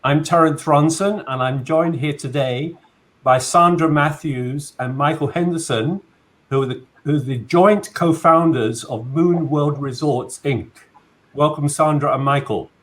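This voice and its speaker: A man hosting a video call interview in a friendly, relaxed way, with frequent fillers. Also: fairly high pitch, measured pace. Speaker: host.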